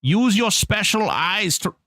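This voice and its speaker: A man's voice: sits high, animated, measured pace, sharp tone, dry recording, studio quality. A man streaming gameplay live, joking with chat and hyping up giveaways. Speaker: game streamer.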